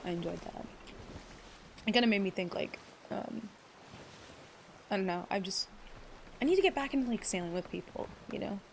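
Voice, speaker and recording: A woman streamer rambles to her chat in a gravelly, fry-laced voice, swearing freely and welcoming viewers by name. She is teary as she talks. A steady hiss of noise sits under the recording. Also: medium pitch, moderate pace, long pauses. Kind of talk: casual live-stream chat.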